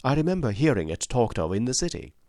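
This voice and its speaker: A man's voice: mid-range voice, very animated, fast talker, darkish tone, no room sound, studio quality, voice pushed up, lightly acted. A man voicing an anxious young male clerk who pleads for help in a storybook reading. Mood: agitated.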